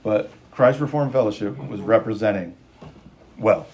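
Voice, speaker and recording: A man's voice: mid-range voice, a little mellow, muffled recording. Emphatic male preacher, repeats for stress. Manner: emphatic, repeats lines for stress, speeding up and slowing down. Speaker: pastor. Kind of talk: sermon.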